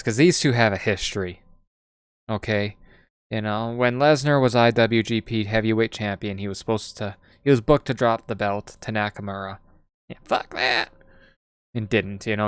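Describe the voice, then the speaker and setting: A man in casual commentary mode, talking in a rambling, excitable way, cursing now and then and laughing often. His voice sits on the low side and sounds smooth and clear. The recording is close and dry. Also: no room sound. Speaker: wrestling show host. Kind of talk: casual post-show commentary.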